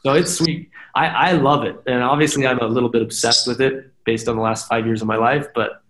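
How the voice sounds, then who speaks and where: A man chats on a podcast as a guest, animated and brisk, his mid-range voice explaining things at length with many "right?" asides. The recording has a roomy echo.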